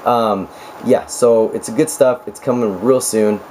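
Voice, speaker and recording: A man in his twenties, a nurse talking casually to camera with a raspy, hoarse voice, chatty and joking, with laughs between stories. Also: mid-range voice, steady tone, takes it slowly, a little mellow, a little hiss or hum, poor audio. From United States. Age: 20s. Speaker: nurse vlogger.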